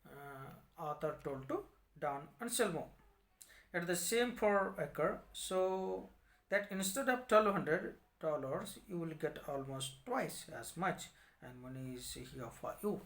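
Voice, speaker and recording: A man's voice: a little high, animated, slow pace, fairly bright tone. A man with an Indian English accent, a teacher who reads lines from a story and then repeats and explains them in simple words. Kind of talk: explaining a story text line by line. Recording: echoey room.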